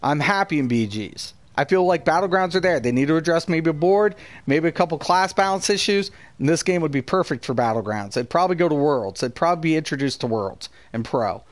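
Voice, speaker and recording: A man's voice: a little high, animated, fairly quick, hardly any pauses, dry recording. Heated, profane male streamer, dry close sound. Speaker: gaming streamer and channel host. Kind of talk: live stream rant, answering chat.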